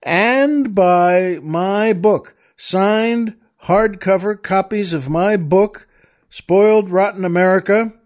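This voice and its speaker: A man hosting a comedy podcast, telling jokes in a chatty monologue full of asides and chuckles. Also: high voice. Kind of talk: casual comic monologue.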